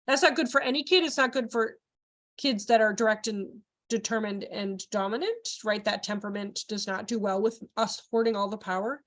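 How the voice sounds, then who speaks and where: A young woman with a high voice leads a child care workshop. She jokes with her audience and acts out the voices of the children and adults she quotes. Her talk stays loose and lively from start to finish. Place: training workshop room.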